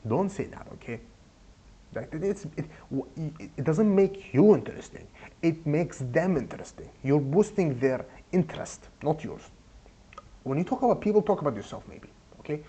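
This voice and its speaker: A young man giving casual advice in a goofy, rambling way, speaking deliberately broken English. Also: fairly high pitch, sing-song, dark tone, husky. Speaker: advice vlogger.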